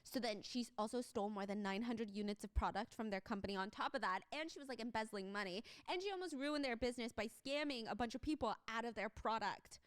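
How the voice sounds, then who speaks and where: A woman streamer recounts a story on a live stream, reading out quotes as she goes. Her voice sits a little high and sounds dry and close to the mic. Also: fast, hardly any pauses, smooth, no room sound. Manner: animated retelling, reading out quotes.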